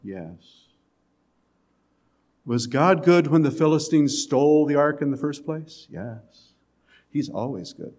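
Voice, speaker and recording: A man preaching a sermon in a conversational way, with quiet, emphatic lines and the odd chuckle. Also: on the high side, lively intonation, takes it slowly, pauses often. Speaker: pastor.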